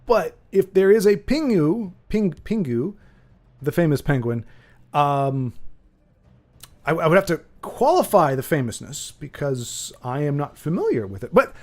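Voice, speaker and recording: A man's voice: a little high, very animated, measured pace, darkish tone. A man hosting a livestream, talking in a rambling, playful, self-correcting way to his chat. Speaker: streamer host.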